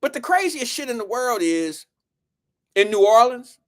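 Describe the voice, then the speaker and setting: A live show host tells a profane comedic rant. The delivery is animated and swings between loud outbursts and low, quick mutters, with the audience addressed directly as "y'all.".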